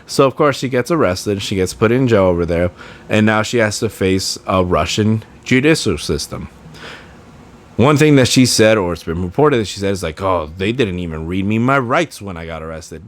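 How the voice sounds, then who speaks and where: A man in his twenties hosting a casual solo podcast, rambling through tangents with a sarcastic edge. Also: mid-range voice. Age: 20s. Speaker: podcast host.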